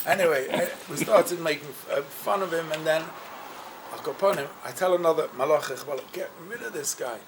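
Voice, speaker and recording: Brief: animated rabbi telling a story, higher voice, some faint background noise. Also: male voice, brisk. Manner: lively, bursts into loud chanting when quoting. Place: gathering room with a crowd around the table.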